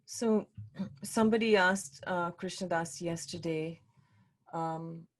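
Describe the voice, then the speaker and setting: A woman with a fairly low voice hosts an online group talk and poses a question to her guests. She searches for her words as she goes, with small fillers along the way. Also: slow. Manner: asks questions with hesitant fillers. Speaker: moderator. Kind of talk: hosting an online conversation. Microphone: video call.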